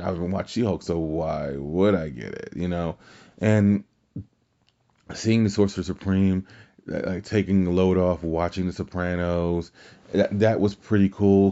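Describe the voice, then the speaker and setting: A man with a deep, dark voice hosts a solo podcast, rambling casually through his thoughts. He restarts his sentences often and leans on filler words. The recording sounds dull and lo-fi. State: tired, fighting yawns. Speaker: podcast host.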